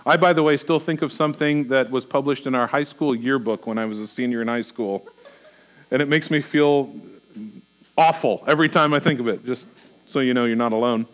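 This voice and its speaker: A man's voice: mid-range voice, brisk. A middle-aged man preaching a sermon as a pastor, earnestly voicing a string of anxious questions before turning to teaching.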